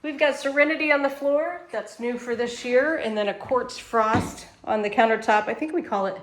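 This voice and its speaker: Upbeat lady sales manager showing off a little mobile home, talky and friendly, voice on the high side. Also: normal speed. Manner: chatty, upbeat sales talk. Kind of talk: casual home walkthrough. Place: outdoors and inside a mobile home at a factory lot.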